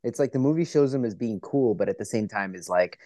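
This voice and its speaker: A man's voice: fairly low pitch, expressive, brisk, dark tone, no room sound. A man co-hosting a casual podcast chat, self-mocking and acting out little scenes. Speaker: podcast co-host.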